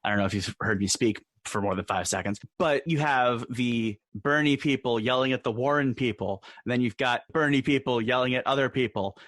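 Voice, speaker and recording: A man co-hosting a podcast, chatting in an animated, joking way and slipping into silly voices. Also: medium pitch, brisk, few pauses, no room sound. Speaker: podcast co-host. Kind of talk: casual chat.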